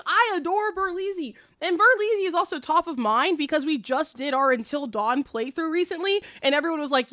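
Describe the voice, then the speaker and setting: Bright, excitable young woman streamer. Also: sits high, no echo, clean studio sound. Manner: fast, excitable storytelling with lots of fillers. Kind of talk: casual live stream chat.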